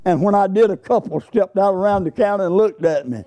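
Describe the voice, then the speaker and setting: Preaching a sermon, this man spins homespun stories that build into joyful shouts of praise. His voice is high-pitched and he talks fairly quickly.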